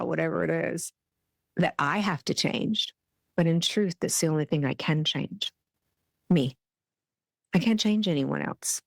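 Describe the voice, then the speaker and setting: Gravelly-voiced woman, earnest self-help talk. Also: lowish voice, normal speed, long pauses, no room sound, studio quality. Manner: earnest, heartfelt, confiding. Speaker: podcast host.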